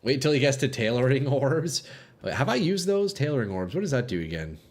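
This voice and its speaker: Male streamer, young adult, animated pitch, foul-mouthed live chat. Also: a little fast. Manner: swears a lot, laughs and rambles to chat. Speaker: game streamer. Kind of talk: live gameplay chat with viewers.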